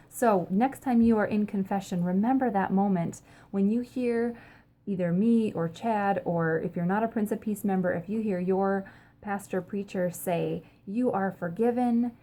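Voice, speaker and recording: A woman's voice: mid-range voice, mellow. A woman pastor giving a casual, upbeat teaching talk to camera, chatty with frequent ums. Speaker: pastor and host of a short church video series.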